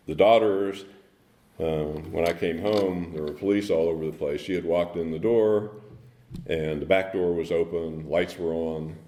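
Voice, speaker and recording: A man giving a personal recovery story at a speaker meeting, halting, with many ums and restarts. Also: low-pitched, warm tone. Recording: echoey meeting room.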